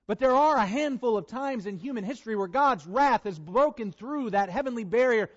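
High-voiced man preaching a sermon. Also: lively intonation, lo-fi sound. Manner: deliberate, emphatic scripture reading. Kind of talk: sermon with scripture reading.

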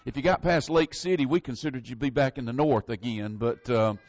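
A man's voice: mid-range voice, a little fast, a little mellow, no room sound, highs cut off. A man from northern Florida with a Southern accent, preaching a folksy, conversational sermon and leaning hard on the scripture verses.

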